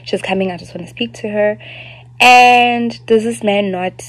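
A woman's voice: mid-range voice, measured pace, dry recording, low-quality recording. A South African woman in her twenties, speaking candidly as a vlogger telling a personal story, with lots of fillers and asides.

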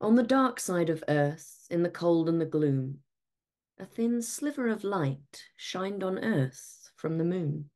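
A woman narrating a rhyming picture book aloud in a measured, expressive storyteller's delivery. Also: on the low side.

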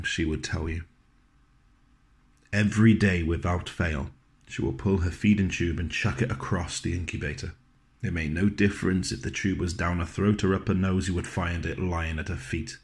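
Deep-voiced man telling a monologue. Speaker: actor performing a monologue. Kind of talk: scripted dramatic monologue.

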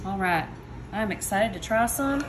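A woman's voice: mid-range voice, animated, a little slow, heavy background noise. A woman hosting a casual home cooking demo, chatty and upbeat, calling her viewers y'all. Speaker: home cook host.

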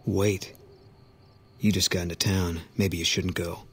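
An actor playing a grim, bitter soldier who talks in a curt, guarded way, in a video game. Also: male voice, deep voice, level tone, measured pace, husky, full character voice. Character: grim, bitter soldier sniper, grieving husband. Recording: game audio under music.

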